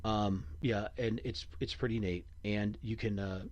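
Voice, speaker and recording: A man with a Kentucky accent, hosting a podcast in rambling, animated casual chat. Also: lowish voice, a little slow, lo-fi sound. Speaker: podcast host.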